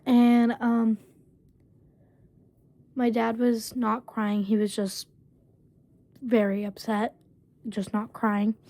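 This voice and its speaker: Speaking in a slightly high, mellow voice with a level tone, a woman shares a personal story as a storyteller vlogger. Her telling is casual and halting, crowded with fillers such as "basically" and "um".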